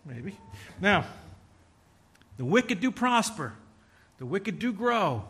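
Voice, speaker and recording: A middle-aged male preacher delivering a sermon, telling stories with sudden loud emphasis and bursts of laughter. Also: high-pitched, expressive, slow pace, pauses often.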